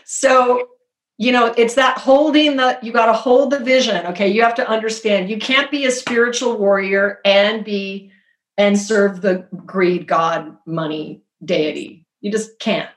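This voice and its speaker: A woman in casual conversation, telling her story in an earnest, animated way with spiritual talk. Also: medium pitch, a little slow, reverberant. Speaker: podcast guest. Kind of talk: casual chat.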